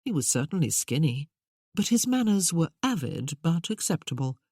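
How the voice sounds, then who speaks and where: An audiobook narrator reading a period romance novel in an even, measured way. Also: medium pitch, husky, no room sound, clean studio sound.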